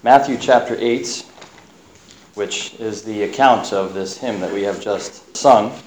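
A man preaching a sermon, reading and explaining Bible passages in a measured, thoughtful way. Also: lowish voice, a little mellow, echoey room, slight background noise, poor audio.

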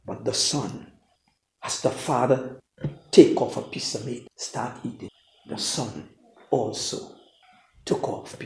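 Preacher, sermon, echoey church room, middling pitch, loud-to-soft swings, voiced quotes. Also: creaky. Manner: reads scripture slowly, then preaches with big swings from loud to hushed; retells the story with voiced quotes and asides to the congregation.

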